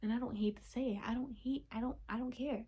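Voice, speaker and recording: A woman's voice: on the high side, fast, husky. Young female podcast host, chatty and giddy, talking at home with whispered asides. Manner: gushing, chatty, with sudden whispers and excited squeals. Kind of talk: casual chat.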